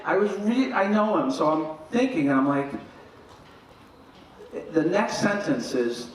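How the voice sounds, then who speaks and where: Slightly high-voiced and a little slow, pausing often, a middle-aged man gives a humorous father-of-the-groom speech full of funny stories. He animatedly imitates the people he quotes, recorded from a distance in a very echoey wedding hall with faint noise.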